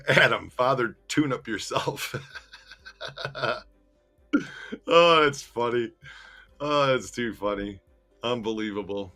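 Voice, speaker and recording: A man hosts a casual podcast and reads viewer comments aloud. He laughs readily, teases his co-host, and speaks slowly in a bright, mid-pitched voice. Faint music sits in the background.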